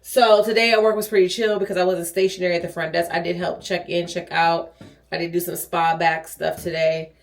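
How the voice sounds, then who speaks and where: A woman's voice: on the low side, a little fast. Middle-aged woman, casual vlog chat, dramatic and goofy delivery. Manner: chatty, dramatic, animated. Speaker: vlogger.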